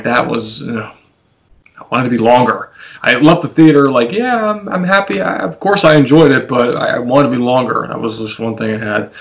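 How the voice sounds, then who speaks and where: A man's voice: mid-range voice, a bit bright, poor audio. Rambling man chatting on a call. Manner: rambling, laughs often, mock-quotes people. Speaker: podcast host. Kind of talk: casual chat over a call. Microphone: video call.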